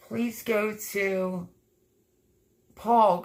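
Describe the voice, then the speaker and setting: A woman's voice: lowish voice, moderate pace. A woman hosting a livestream, chatting casually and reading out viewer comments, effusive and a little teary. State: sniffling, teary. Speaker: livestream host.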